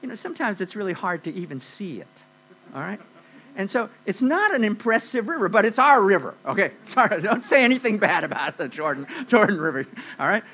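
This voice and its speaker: A man delivers a sermon to a congregation, retelling a Bible story with an animated, swooping delivery. His voice is bright and a little husky. A low electrical hum sits under the recording. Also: a little fast, low-quality recording. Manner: animated storytelling with frequent "okay?" and "you know". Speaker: preacher.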